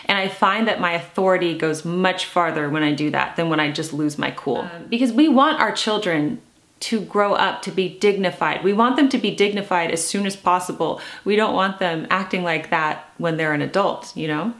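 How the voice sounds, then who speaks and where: A woman in her thirties talks straight to her viewers in a calm, earnest vlog style. Her voice sits a little low, and she slows down deliberately when she wants a point to land. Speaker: lifestyle vlogger. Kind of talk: casual talk to camera.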